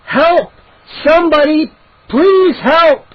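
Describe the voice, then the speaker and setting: A man reading a storybook aloud, voicing a terrified young boy who shouts frantically. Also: very high voice, animated, moderate pace, breathy edge, dry recording, muffled recording, voice pushed up, exaggerated voice. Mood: panicked.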